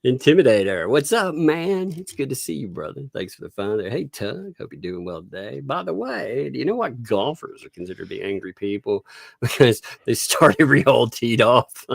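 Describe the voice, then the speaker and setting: A man's voice: medium pitch, normal speed, gravelly, dry recording, clean studio sound. A man co-hosting a casual livestream, joking, laughing often and thanking viewers for tips. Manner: relaxed, joking. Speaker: livestream co-host.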